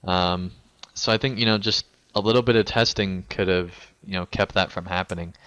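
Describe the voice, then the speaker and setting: A man co-hosting a casual podcast, talking in a relaxed, wry way. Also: low-pitched, brisk, clear, resonant tone, no echo, muffled recording. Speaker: podcast co-host.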